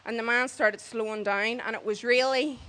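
Lively woman telling a story. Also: on the high side, moderate pace. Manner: lively, acts out other people's voices, laughs as she talks. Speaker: storyteller on a church mission trip. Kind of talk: casual spoken storytelling.

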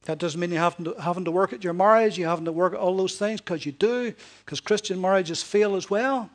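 A man preaching a sermon to a congregation in a relaxed, chatty way, often ending points with tag questions. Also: high-pitched, brisk. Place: church hall before a congregation.

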